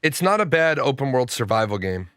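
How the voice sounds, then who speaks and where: A young adult man chats casually while streaming a game, swearing freely and stumbling over his words as he tells stories. His voice sits at an ordinary middle pitch. The sound is dry and close to the mic. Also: sing-song, fairly quick, a bit bright, smooth, no room sound. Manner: profane, storytelling with frequent stammers and restarts. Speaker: gaming streamer.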